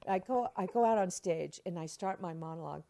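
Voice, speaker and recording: Older woman actress chatting in an interview, slightly low voice, animated and laughy. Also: brisk, vocal fry, a little hiss or hum. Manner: expressive, laughing often, acts out quotes. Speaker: interview guest, stage actress. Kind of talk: animated anecdotal storytelling.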